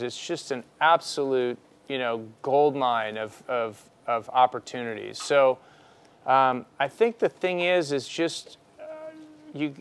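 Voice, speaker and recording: A man with a smooth, resonant voice tells a personal business story to students. His pitch sits in the middle range, and his delivery is loose and conversational, full of restarts and "you know.". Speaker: entrepreneur speaking to students.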